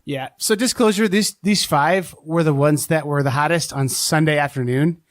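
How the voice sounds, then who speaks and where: A man with a fairly high voice co-hosts a casual podcast chat. He rambles, hedging his points and leaning on "um" and "like" as he goes. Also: normal speed. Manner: rambling, full of "um" and "like". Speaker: podcast co-host.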